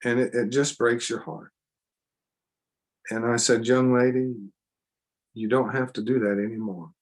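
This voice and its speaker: A man teaching a seminar in a sermon style, earnest and emphatic, repeating phrases for stress. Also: fairly low pitch. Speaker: seminar speaker.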